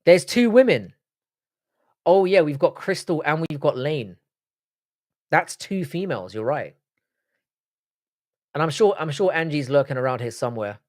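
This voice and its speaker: A man's voice: a little high, animated, normal speed, long pauses, darkish tone. A man with a London accent hosting a live stream, chatting casually, reading the chat aloud and trading crude banter. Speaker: livestream host.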